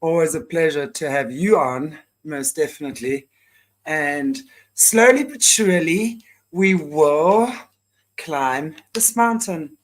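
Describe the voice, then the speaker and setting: A woman's voice: deep voice, slow pace. A woman hosting a live web show over a video call, casual and supportive toward her guest. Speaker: host.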